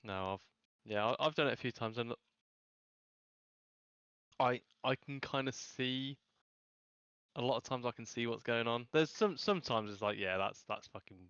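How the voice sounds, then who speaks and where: A man co-hosting a casual podcast, reacting with quick remarks and frequent laughter. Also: mid-range voice, a bit bright, clear, resonant tone, dry recording. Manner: laughs along, short reactions. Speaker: podcast co-host. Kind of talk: casual chat. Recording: dry, dull lo-fi mic.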